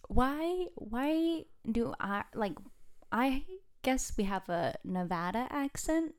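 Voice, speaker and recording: A young woman co-hosting a podcast, chatting in a playful, excitable, dramatic way. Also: fairly high pitch, takes it slowly, clean tone. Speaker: podcast co-host. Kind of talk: casual chat.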